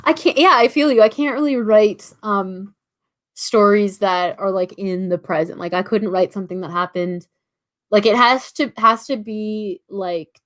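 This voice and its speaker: Young Canadian woman, livestream host, chatty, lots of fillers, reads chat aloud. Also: mid-range voice. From Toronto, Canada. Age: about 19. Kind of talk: casual livestream chat reading comments.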